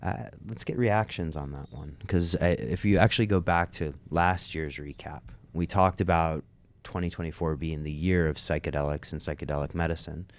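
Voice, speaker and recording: A man's voice: very deep voice, steady tone, moderate pace. A man hosting a podcast in a loose, joking conversational way. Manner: easygoing, joking. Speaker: podcast host. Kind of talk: casual podcast chat.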